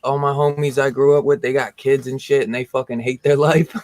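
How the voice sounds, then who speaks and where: A man in a casual chat, talking earnestly in relaxed, slang-heavy speech. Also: medium pitch, a little fast, dry recording.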